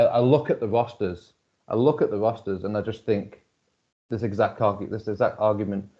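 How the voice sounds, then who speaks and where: A man co-hosting a casual podcast, rambling with many restarts and quick to laugh. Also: fairly low pitch. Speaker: podcast co-host. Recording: muffled lo-fi audio.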